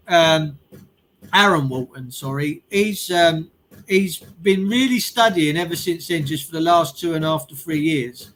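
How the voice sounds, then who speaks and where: A man's voice: a little high, fairly bright tone, slight background noise, low-quality recording. A man, talking in an earnest, emphatic way in a casual chat and repeating his key phrases.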